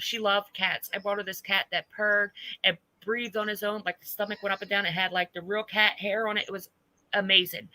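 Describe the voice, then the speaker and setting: A woman's voice: mid-range voice, no room sound. A woman hosting a livestream, talking bluntly and with lots of swearing as she tells stories. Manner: blunt, profane, animated storytelling. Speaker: livestream host. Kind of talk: casual livestream chat.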